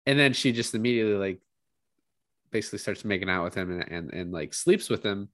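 Lower-voiced man animatedly retelling scenes. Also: a little fast, no echo, studio quality. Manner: animated retelling, acts out quotes, swears freely. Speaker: podcast co-host. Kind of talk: casual movie review chat.

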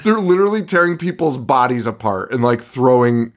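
A man's voice: mid-range voice, very animated, brisk. A man co-hosting a casual movie podcast, swearing often, laughing and acting out lines from scenes. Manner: profane, laughing, acts out quotes. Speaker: podcast co-host. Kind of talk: casual chat reviewing a movie.

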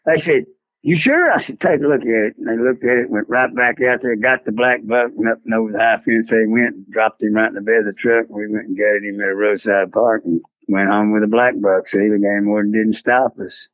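A man's voice: on the low side, flat delivery, brisk, few pauses, a bit bright, no room sound, muffled recording. Drawling Texan man telling a long story. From South Texas. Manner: drawling, rambling storyteller, acts out voices in quotes. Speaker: guest. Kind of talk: storytelling in an interview.

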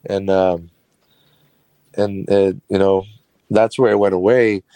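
A man's voice: low voice, level tone, takes it slowly, dark tone, smooth, no room sound. A man who runs a carpentry business, telling a personal story as an interview guest in a chatty, rambling way with frequent laughs.

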